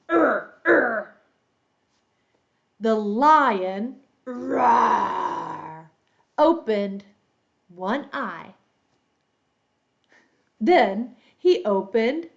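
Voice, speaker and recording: A woman's voice: medium pitch, dull audio. A woman teaching English to young children with a playful storytelling manner and exaggerated teacher talk. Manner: slow, exaggerated, playful teacher talk with animal sound effects. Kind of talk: storytelling lesson for young learners.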